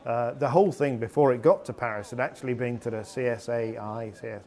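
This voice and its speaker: A fast-talking man with a darkish mid-range voice sits on a rally panel as a pundit. In casual chat, he spins long, rambling anecdotes laden with fillers and restarts.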